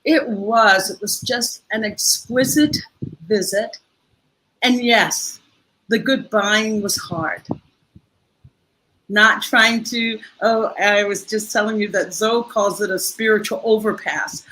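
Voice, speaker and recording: An older woman speaking as a guest in a conversational interview, telling a heartfelt story in a lively, expressive way. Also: medium pitch, slow, poor audio.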